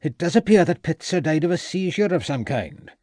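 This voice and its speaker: A man's voice: fairly high pitch, expressive, brisk, darkish tone, no echo, studio quality, pitched above the performer's own voice, natural voice. A man voicing a proud older town doctor with a Welsh accent who speaks pompously. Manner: pompous and affronted.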